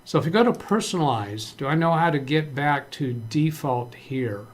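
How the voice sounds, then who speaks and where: A man's voice: a little high, expressive, normal speed. A man hosting a casual live-stream computer tutorial, thinking aloud as he works, reading chat messages and often restarting his sentences. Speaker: live stream tech trainer. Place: home office with several monitors.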